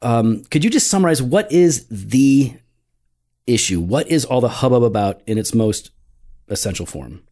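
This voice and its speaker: A man's voice: medium pitch, expressive, moderate pace, dark tone. A man interviewing a guest, asking questions in an easy casual way. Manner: brief affirming interjections.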